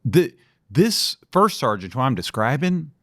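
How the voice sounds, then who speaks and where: A man co-hosting a podcast, telling a personal story in a lively, animated way. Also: medium pitch, a little slow. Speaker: podcast co-host. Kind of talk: storytelling in casual chat.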